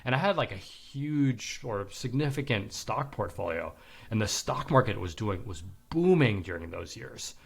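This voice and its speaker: A man's voice: lowish voice, animated, normal speed, vocal fry, slightly rough. A man in his forties, a podcast guest, telling a candid personal story in casual conversation, swearing now and then and acting out the people he quotes.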